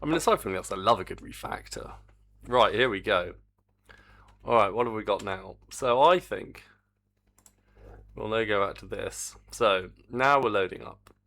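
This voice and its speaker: A man's voice: on the low side, normal speed, long pauses, a bit bright. A middle-aged man, a game developer live-streaming his work, muttering casual grumbling asides to himself as he codes.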